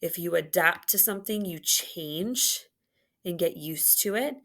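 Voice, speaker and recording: A woman with a fairly low, slightly bright, expressive voice teaches phonics. She patiently sounds out words and syllables, stretching each sound slowly.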